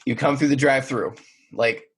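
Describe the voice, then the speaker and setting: A man's voice: mid-range voice, steady tone, moderate pace, a bit bright, slight background noise. A man co-hosting a podcast in a casual chat, laid-back and telling work stories. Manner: laid-back, acts out quotes in bursts. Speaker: podcast co-host.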